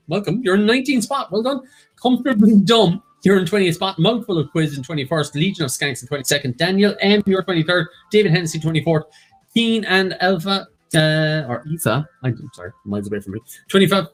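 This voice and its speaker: Male quiz host, slightly high voice, light music in the background, brisk and jokey. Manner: reads out standings briskly, jokes with co-host. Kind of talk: casual live-stream chat.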